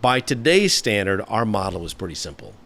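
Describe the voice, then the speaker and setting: On an interview show, a former automotive engineer in his fifties tells long, rambling stories full of "you know" fillers. His lowish voice is very animated, brisk, and slightly bright.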